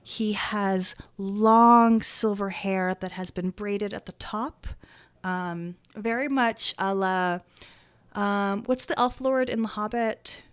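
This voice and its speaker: A woman running a tabletop game as game master, narrating scenes slowly and descriptively, her voice still worn from losing it. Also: medium pitch, clean tone, no room sound. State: recovering from a lost voice.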